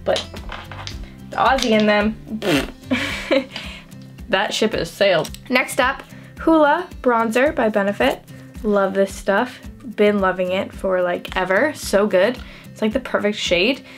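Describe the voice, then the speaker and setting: A woman's voice: medium pitch, takes it slowly, pauses often, faint music behind. A young adult woman chatting through a makeup routine, self-deprecating and filling her talk with "like". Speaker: beauty vlogger. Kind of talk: casual makeup tutorial chat.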